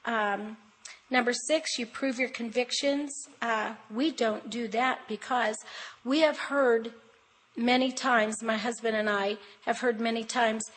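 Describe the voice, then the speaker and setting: A woman's voice: on the high side, fairly even intonation, measured pace, fairly bright tone, low-quality recording. Chatty older woman giving a homespun talk. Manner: chatty and emphatic, addressing the audience directly; homespun storytelling with family anecdotes. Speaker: guest speaker at a women's conference. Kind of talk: conversational sermon-style talk.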